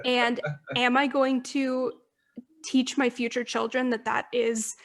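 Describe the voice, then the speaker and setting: A woman's voice: fairly high pitch, flat delivery, slow pace. A young woman co-hosting a book podcast, chatting casually and gushing as she retells scenes with frequent laughs. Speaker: podcast co-host. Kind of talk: casual book-club chat.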